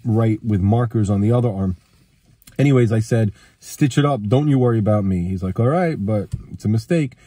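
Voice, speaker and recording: A man's voice: lowish voice, mellow, no room sound. A man with a cold telling a personal story in a casual, rambling way, acting out the lines of the people in it. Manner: rambling, acts out quoted dialogue. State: has a cold.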